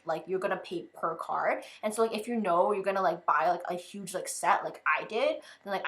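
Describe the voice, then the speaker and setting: A young woman vlogging in a casual unboxing chat, talking loosely and filling nearly every phrase with "like". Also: lowish voice. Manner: chatty, fills with "like" constantly.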